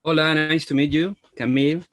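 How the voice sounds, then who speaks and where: A man's voice: on the high side, steady tone, fairly quick, a bit bright. A man from Latin America, a Spanish speaker, interviewing guests over a video call in slightly hesitant English. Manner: hesitant, apologetic about his English. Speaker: journalist interviewer.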